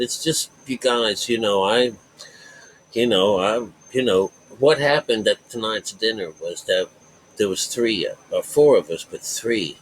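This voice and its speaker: A man's voice: medium pitch, slight background noise, rough recording. A man teaching about the Bible in a rambling way, circling back to repeat his points and leaning hard on key words. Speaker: self-taught Bible teacher.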